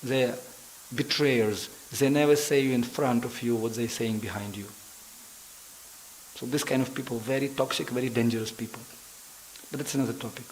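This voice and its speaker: A man's voice: mid-range voice, steady tone, normal speed, long pauses, slight background noise, low-quality recording. A man preaching a sermon in a temple who tells stories animatedly, acts out characters and laughs often. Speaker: visiting preacher. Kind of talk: sermon with storytelling. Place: temple hall.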